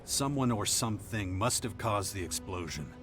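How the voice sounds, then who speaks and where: A low, steady male voice delivers short, clipped lines. He sounds calm and factual while he investigates. Game music plays behind him. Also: moderate pace. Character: terse male hero investigating an explosion. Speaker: game protagonist.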